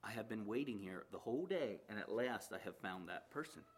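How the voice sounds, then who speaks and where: A man voicing an elderly, patient king in a read-aloud parable, speaking in a measured, gently stern way. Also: on the low side, animated, slight background noise, lightly acted. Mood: calm. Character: elderly wise male king, patient and calm.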